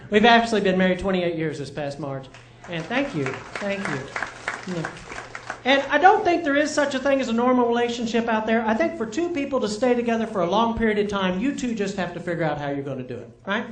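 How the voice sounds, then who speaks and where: A man's voice: sits high, lively intonation, a little fast, slight background noise. A middle-aged man doing live stand-up, telling chatty, self-mocking stories and checking in with the crowd. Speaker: stand-up comedian. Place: comedy club stage with live audience. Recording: roomy live club sound.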